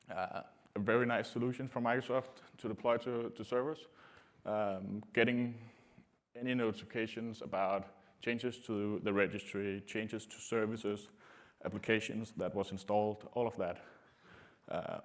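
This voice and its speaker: A man giving a technical conference talk to a room, speaking in a halting way with many filler sounds. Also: lowish voice. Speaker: conference presenter.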